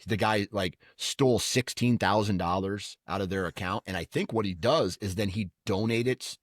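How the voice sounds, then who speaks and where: Low-voiced man telling a story. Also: normal speed, no room sound, clean studio sound. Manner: storytelling with put-on voices and laughter. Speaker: podcast co-host. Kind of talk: casual chat.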